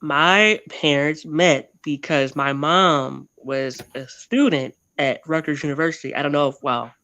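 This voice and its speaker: Guy rambling thru family stories in an interview, keeps fixing what he just said, bright voice, dry sound. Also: a little high, steady tone, measured pace, clear, resonant tone, no room sound, highs cut off. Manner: rambling, often correcting himself mid-sentence. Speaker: interview guest. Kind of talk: casual storytelling interview.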